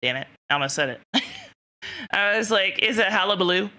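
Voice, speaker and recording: A woman's voice: mid-range voice, animated, moderate pace, sharp tone. A young woman streamer casually telling a rambling story to her chat, laughing often and quoting herself. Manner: giggly, rambling, lots of self-quoting.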